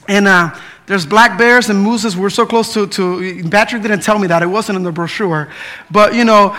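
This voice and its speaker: Man, preacher, very high voice, bright forceful tone, casual humorous sermon, repeats words. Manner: conversational and humorous, tells personal stories.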